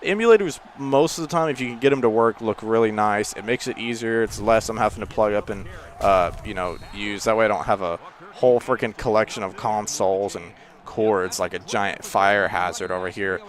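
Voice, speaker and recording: A man casually commenting on his own football video game play, rambling between plays and exclaiming loudly when something happens. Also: fairly low pitch, brisk. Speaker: gaming channel host.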